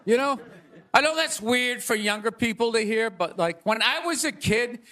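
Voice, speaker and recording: A man hosting a comedy show, delivering a rambling stand-up monologue with exasperated loud bursts. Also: very high-pitched, animated, moderate pace. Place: stage before a live audience. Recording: live show with crowd laughter.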